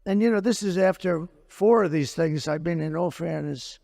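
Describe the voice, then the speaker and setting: A man's voice: on the high side, moderate pace, creaky, warm tone. A man giving a rambling, combative rally speech into a stage microphone at a large venue. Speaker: political rally speaker. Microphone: handheld stage microphone. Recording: long reverb of a large hall.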